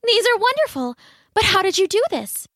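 A woman voicing a gentle young princess speaking to her father. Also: very high voice, very animated, moderate pace, dry recording, studio quality, pitched above the performer's own voice, heavily acted. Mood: amazed.

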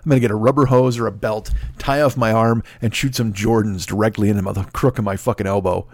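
A man's voice: fairly low pitch, steady tone, a little mellow, dry recording. Rambling, profane man hosting his podcast. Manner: rambling, profane, fast-talking and self-amused. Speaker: podcast host. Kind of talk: solo casual monologue. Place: home recording setup. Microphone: close mic.

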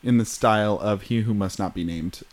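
A man's voice: fairly low pitch, moderate pace. A man hosting a casual podcast, joking and rambling as he introduces segments. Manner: jokey, rambling. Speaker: podcast host.

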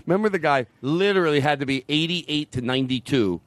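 Excitable man, podcast host, dry sound. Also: on the high side, fairly quick, no room sound. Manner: excitable, laughing often and quoting others in loud voices. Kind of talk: casual comedic chat.

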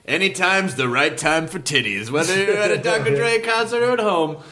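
A man's voice: sits high, lively intonation, fairly quick, pushed and bright. A man, a podcast host, joking in casual chat with a mock-serious, analytical tone.

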